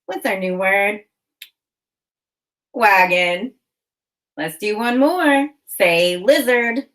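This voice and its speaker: A woman teaching a phonics lesson for children, giving slow, clear, encouraging prompts. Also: medium pitch, a bit bright, poor audio.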